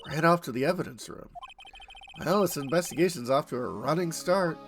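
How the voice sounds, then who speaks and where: A man's voice: fairly high pitch, fairly quick, soft background music. A man reading game dialogue in a playthrough, with dry, wry asides. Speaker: game player reading all parts.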